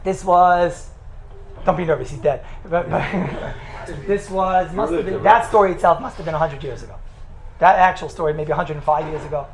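A man who teaches in a yeshiva, telling stories in a lively talk and acting out the quotes. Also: on the high side, normal speed. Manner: animated, acts out the quotes in his stories. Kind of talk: storytelling talk. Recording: echoey room with faint background noise.

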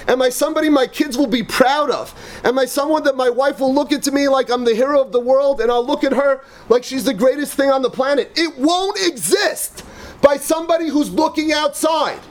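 A rabbi with a notably high voice lectures yeshiva students with emphatic, repetitive conviction. He weaves personal anecdotes into his teaching and sprinkles Hebrew and Yiddish terms through his English. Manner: emphatic, repeats phrases, tells personal anecdotes.

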